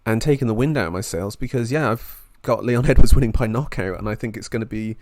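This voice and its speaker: A man's voice: medium pitch, fast, darkish tone, no room sound, clean studio sound. A man co-hosting a sports podcast in casual chat, enthusiastic and openly emotional. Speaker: podcast co-host.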